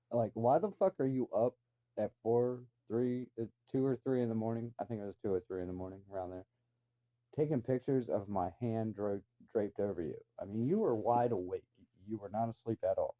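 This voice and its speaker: A man's voice: on the low side, normal speed. A man telling a rambling personal story in a casual way. He swears freely and adds incredulous asides. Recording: dull lo-fi recording.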